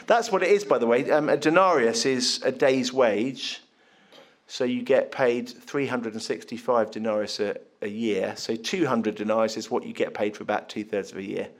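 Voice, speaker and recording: Chatty preacher. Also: male voice, medium pitch, normal speed. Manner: conversational, animated, chuckling storyteller. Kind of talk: sermon.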